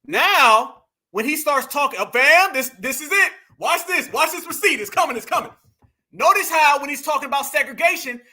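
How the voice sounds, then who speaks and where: A very high-pitched man with a sharp, forceful tone hosts a reaction commentary. He talks in loud, mocking slang and often breaks into shouts as he tears into a clip. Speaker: commentary host reacting to clips.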